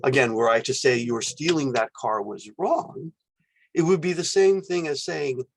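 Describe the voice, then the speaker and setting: A man with a medium-pitched, gravelly voice speaks at a normal speed in an animated way. In this recorded university lecture on philosophy, he explains ideas step by step and acts out example phrases with exclamations.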